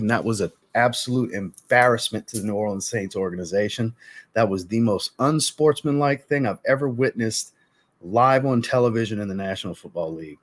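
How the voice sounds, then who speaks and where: A man hosting a fragrance livestream, greeting viewers by name, then ranting bluntly and profanely before apologizing. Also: mid-range voice. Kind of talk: casual livestream chat reading viewer comments.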